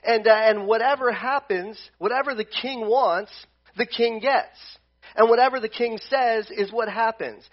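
Male pastor, casual sermon, animated, high voice, dull lo-fi recording. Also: normal speed. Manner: conversational, animated, many restarts. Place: church service.

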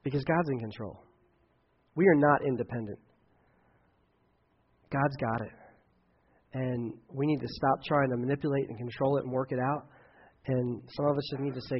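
A man's voice: mid-range voice, fairly even intonation, normal speed, pauses often, breathy edge, lo-fi sound. A man preaching a sermon and leading a closing prayer, telling stories casually with many fillers and restarts. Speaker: pastor.

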